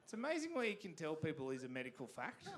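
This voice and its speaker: Lively Australian man doing stand-up. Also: a little high, quick pace, background noise. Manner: animated, rambling, profane. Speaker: stand-up comedian. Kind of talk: stand-up comedy storytelling. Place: community theatre stage.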